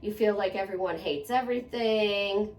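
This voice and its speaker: A woman's voice: medium pitch, normal speed, slight background noise. A woman speaking to the camera in a motivational monologue, earnest and conversational, repeating phrases for emphasis. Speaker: self-help vlogger. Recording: echoey room, voice a bit far from mic.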